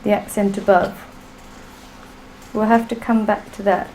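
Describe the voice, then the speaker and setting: A woman's voice: mid-range voice, level tone, unhurried, a little mellow, a little hiss or hum, rough recording. A woman teaching a live online language class, drilling sounds patiently for students to repeat. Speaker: Sanskrit teacher.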